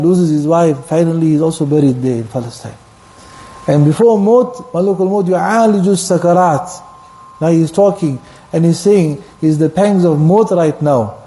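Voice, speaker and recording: Delivering a sermon with passionate storytelling, a man weaves Arabic phrases and brief recitations into his English. His voice is high and mellow.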